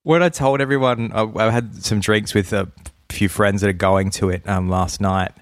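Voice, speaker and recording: Aussie guy chatting on a podcast, deep-ish, laughs heaps, stumbles over words, dry mic. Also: fairly even intonation, normal speed, no room sound. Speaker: podcast co-host. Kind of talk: casual chat.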